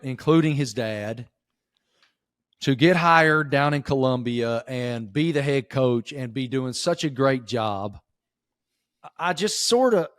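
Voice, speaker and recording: A middle-aged man speaks with a thick Appalachian Southern accent, his voice sitting a little high for a man. He tells stories in a folksy, animated way with emphatic bursts. The sound is dry and close. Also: no room sound. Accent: Southern US, Appalachian Virginia. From Appalachian Virginia. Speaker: sports reporter guest. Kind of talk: casual podcast interview.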